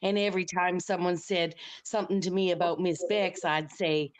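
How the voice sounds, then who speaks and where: A woman's voice: lowish voice, steady tone, normal speed, noisy background. A woman on a live panel musing aloud and searching for the right words. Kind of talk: casual chat.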